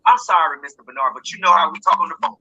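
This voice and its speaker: Impassioned woman host, bright husky voice. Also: low-pitched, very fast, dull audio. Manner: impassioned, emphatic, often shouting in anger. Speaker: host of online talk show. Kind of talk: live online panel talk.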